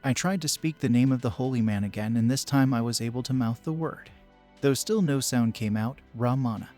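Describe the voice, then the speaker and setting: Calm man narrating ghost stories. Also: medium pitch, fairly quick. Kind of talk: scripted narration of spooky stories. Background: faint background music.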